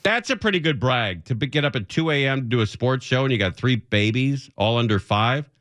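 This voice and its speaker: A man's voice: mid-range voice, a little fast, no room sound. A man hosting a radio talk show, teasing and joking dryly with his co-hosts. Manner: wry, teasing deadpan jokes. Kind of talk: casual on-air banter.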